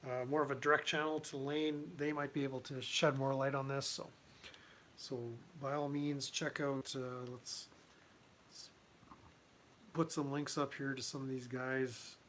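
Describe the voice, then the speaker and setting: A man hosting a casual commentary livestream, talking in a halting way with many restarts and fillers. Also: mid-range voice, level tone, fairly bright tone, slight background noise. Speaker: livestream host.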